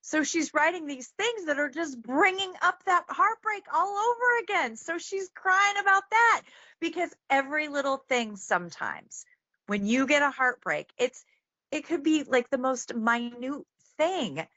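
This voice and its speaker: A woman's voice: high voice, expressive, a little slow, pushed and bright, dry recording, highs cut off. A woman who is a guest on a podcast, earnest and meandering as she talks about a film. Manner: earnest, meandering, many fillers. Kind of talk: casual film discussion.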